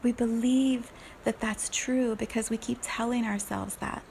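A woman giving a reflective spiritual talk, playful and quick to laugh. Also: on the high side, fairly even intonation, creaky, darkish tone, slight background noise. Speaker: spiritual speaker.

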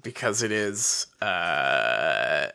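A man co-hosting a casual book podcast, wry and rambling with deadpan humor. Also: sits low, drawn-out words, creaky, smooth, no echo. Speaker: podcast co-host. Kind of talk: casual book-club chat.

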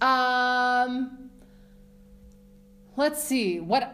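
Teasing, quick-witted woman co-host. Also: mid-range voice. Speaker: podcast co-host. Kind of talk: casual chat.

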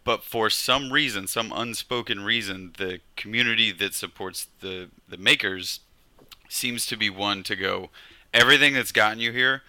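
Low, sharp-toned man in casual chat. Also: steady tone, a little slow, no echo. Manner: rambling, reflective, many restarts. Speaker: podcast co-host.

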